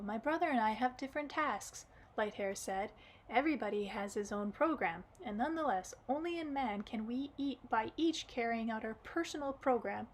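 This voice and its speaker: Calm wise light-haired guy, read by a woman, patient explaining, a bit high. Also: natural voice.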